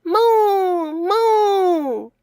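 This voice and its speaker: A woman plays a curious three-year-old boy in a storybook, his voice pitched up high and bouncing with excitement, lively and full of wonder. he calls out to farm animals eagerly. the sound is dry and close. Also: slow pace, no room sound, heavily acted. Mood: excited.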